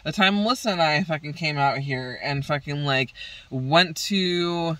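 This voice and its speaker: Woman vlogger, exasperated and profane, rambling; bright, sharp tone, heard a bit off-mic in a dry room. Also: sits low, measured pace, no echo, recorded from a distance, rough recording. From Southern California. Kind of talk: casual venting vlog.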